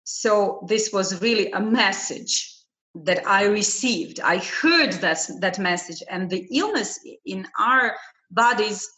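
A woman speaking in conversation, hesitant, with many fillers and pauses. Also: medium pitch, lively intonation, bright, forceful tone, roomy sound. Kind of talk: casual conversation.

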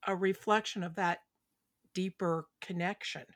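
Give me a woman author as an interview guest, slightly low voice, thoughtful and steady. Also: normal speed, no echo, clean studio sound. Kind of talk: casual interview chat.

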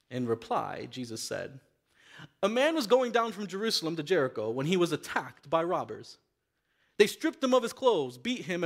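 A man preaching a sermon in a church, reading scripture aloud and then speaking earnestly and openly to the congregation. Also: high-pitched. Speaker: pastor.

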